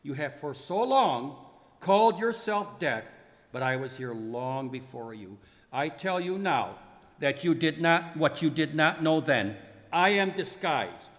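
A man acting a dying divine man who commands the unseen powers in loud, declamatory lines, with long reverb. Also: fairly low pitch, fairly even intonation, takes it slowly, voice pushed down. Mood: defiant.

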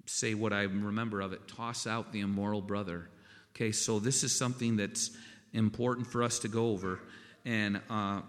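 Low-voiced preacher in an echoing hall. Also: male voice, a bit bright. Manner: folksy, conversational, often asks 'okay?'. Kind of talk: sermon. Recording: long reverb of a large hall.

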